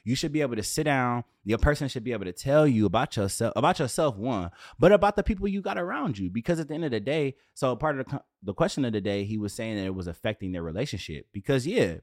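A man in his late twenties talking casually as a podcast host, animated and profane with streetwise slang, in a dry room on camera. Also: mid-range voice, quick pace, hardly any pauses, no room sound. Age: 20s. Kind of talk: casual solo rant.

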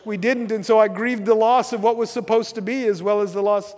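A middle-aged man preaching a sermon as pastor, conversational and halting with many restarts, going soft and quiet in tender passages. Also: high-pitched, steady tone. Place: church sanctuary. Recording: long reverb from a church sanctuary.

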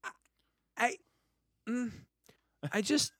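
A man's voice: very high voice, very slow, fairly bright tone, no echo, studio quality. A man co-hosting a podcast, ranting in a casual, exasperated way with plenty of swearing. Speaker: podcast co-host. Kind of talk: casual chat.

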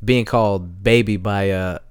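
A man's voice: on the low side, steady tone, unhurried, clear, resonant tone, dry recording, clean studio sound. An American man co-hosting a podcast, talking casually with profanity and laughter. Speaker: podcast co-host. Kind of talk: casual chat.

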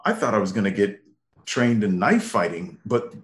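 A man in casual chat, halting and repeating words as he talks, laughing often. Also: on the low side, big pitch swings, noisy background. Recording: echoey room.

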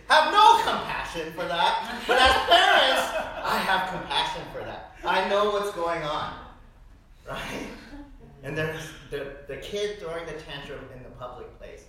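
A man preaching a sermon, telling stories in an animated way and often tossing out a rhetorical "right?". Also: extremely high pitch, measured pace. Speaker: pastor. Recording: echoey hall, distant mic.

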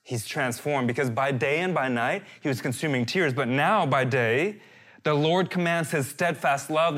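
A man preaching a sermon, animated and direct, reading out scripture and calling his listeners "guys". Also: a little high. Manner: reads and dramatizes scripture verses. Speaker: pastor.

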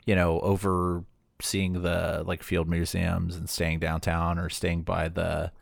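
Low-voiced, laid-back Midwestern man. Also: completely flat delivery, slow pace, gravelly, no echo. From American Midwest. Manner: loose, rambling, lots of "like". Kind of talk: casual chat.

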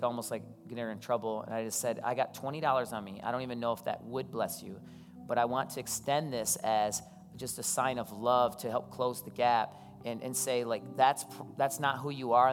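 A man's voice: mid-range voice, fairly even intonation, a little fast. A man preaching as a pastor, telling stories conversationally and asking the congregation questions. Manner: conversational storytelling, asks the crowd questions. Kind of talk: sermon. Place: church hall. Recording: long hall reverb with soft keys.

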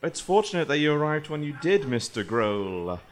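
A man's voice: a little high, very animated, moderate pace. A man playing a touchy male bagel shop owner in his own voice, pleading, then scolding with indignation.

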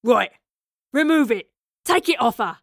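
A woman voicing a bullying male gang leader who barks loud, commanding orders in a storybook reading. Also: very high-pitched, animated, unhurried, creaky, no room sound, studio quality, full character voice. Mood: barking orders.

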